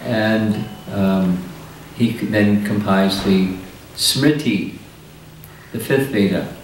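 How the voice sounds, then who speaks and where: A man giving a slow, deliberate scripture lecture as a spiritual teacher, pausing often to let points sink in. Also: fairly low pitch. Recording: very echoey hall, voice from far off, faint hiss.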